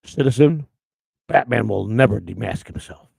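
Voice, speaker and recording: A man putting on a lowered voice as Batman, a grave, self-important male superhero who speaks in stiff, lofty heroic address. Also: animated, moderate pace, gravelly, darkish tone, husky, no echo, studio quality, heavily acted. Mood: haughty.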